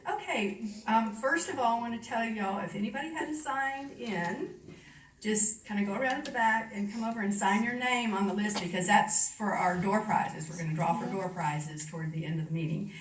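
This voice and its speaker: A woman hosting a meeting, making announcements and introducing the speaker in a friendly, relaxed way. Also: mid-range voice, moderate pace. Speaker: meeting host. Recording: distant mic in a roomy hall, faint noise.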